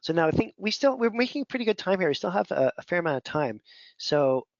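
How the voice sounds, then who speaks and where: A man's voice: high voice, very animated, quick pace, creaky, dry recording. A man mentoring doctors in a casual, rambling teaching talk full of fillers. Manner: conversational, rambling, many fillers. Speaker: functional medicine mentor. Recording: dull lo-fi audio.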